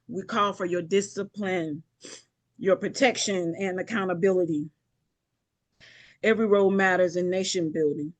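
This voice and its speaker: A woman giving an emotional keynote speech on a video call, building rhythmic lists and often apologizing. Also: fairly low pitch. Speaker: keynote speaker. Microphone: video call mic.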